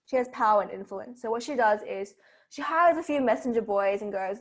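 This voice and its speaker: An Australian woman tutor retells a fairy tale to her class in a relaxed, conversational way. Her voice sits a little high, and she keeps checking in with "right?" while dropping plenty of "you know" along the way. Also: a little fast. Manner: chatty, many fillers and rhetorical "right?".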